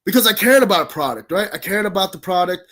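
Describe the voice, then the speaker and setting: A man, a professional wrestler, cutting a heated in-character promo in an accusatory, shouting manner. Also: high-pitched, expressive, fast talker.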